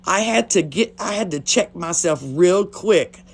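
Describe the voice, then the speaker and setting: A woman's voice: lowish voice, lively intonation, a little slow, creaky, slightly rough. A blunt, chatty woman with a drawl tells stories straight into her phone on a livestream. Her voice swings up and down expressively, and she swears without a second thought. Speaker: livestream host. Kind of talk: casual storytelling on a livestream.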